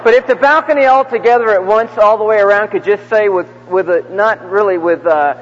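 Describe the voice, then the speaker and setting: A male preacher with a high voice and brisk delivery leads a large church crowd in call-and-response, coaxing them section by section through an interactive sermon. The mic recording is dull and echoes through the hall.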